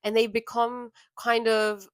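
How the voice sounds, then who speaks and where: A woman vlogger telling a personal story in an earnest, emotional way, with soft laughs and many fillers. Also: fairly high pitch, flat delivery, unhurried, no room sound, studio quality.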